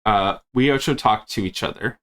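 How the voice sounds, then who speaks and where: A man's voice: on the low side, moderate pace, natural voice. Tabletop game: a man doing a blunt, protective spider-cursed man, paranoid and foul-mouthed. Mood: taunting. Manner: blunt and sweary, taunting a captive.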